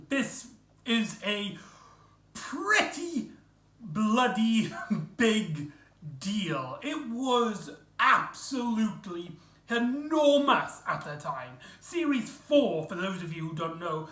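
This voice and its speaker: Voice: medium pitch, bright, forceful tone. A vlog host talking in a chatty, rambling way, full of fillers and restarts. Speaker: vlogger host. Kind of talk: casual vlog review. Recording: echoey room.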